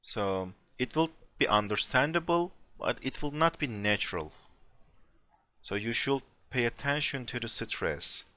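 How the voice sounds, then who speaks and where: A man teaching a language class over a voice chat, explaining slowly and patiently with casual fillers. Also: mid-range voice, lively intonation, bright, forceful tone, no room sound. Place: home room, over a voice chat. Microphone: computer mic on a voice chat.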